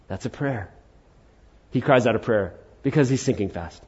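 Husky-voiced male pastor preaching. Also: medium pitch, lively intonation, normal speed, a little mellow, lo-fi sound. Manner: conversational preaching, acts out quotes. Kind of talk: sermon.

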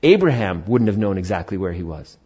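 A man's voice: very animated, fairly quick, mellow, breathy edge, muffled recording. A male pastor preaching a sermon who reads scripture aloud and then asks and answers questions. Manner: voices imagined objections in a higher voice.

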